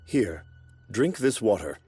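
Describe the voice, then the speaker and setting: An actor voicing a towering, gentle golem lord who speaks slowly and solemnly in an anime dub. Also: male voice, fairly low pitch, big pitch swings, breathy edge, no echo, faint music behind, exaggerated voice. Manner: slow, measured and solemn.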